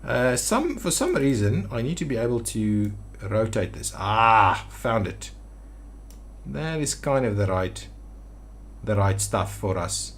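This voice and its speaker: This city-builder video creator speaks slowly in a lowish, very animated voice. He narrates his city-building gameplay as he goes, thinking out loud and restarting his sentences hesitantly.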